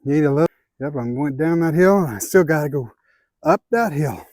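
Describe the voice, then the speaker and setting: Speaking fairly quickly with lively intonation, he has a somewhat high, slightly mellow voice and an Ozark Southern American accent. This hiking vlogger talks to viewers in an easygoing, chatty way while walking an outdoor trail for a casual vlog, a bit winded from the climbs. It's shot on a handheld camera with no echo.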